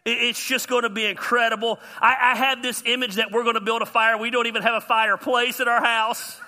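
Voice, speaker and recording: High bright-voiced pastor preaching. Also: male voice, brisk. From US South. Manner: animated, self-deprecating humor. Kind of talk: sermon.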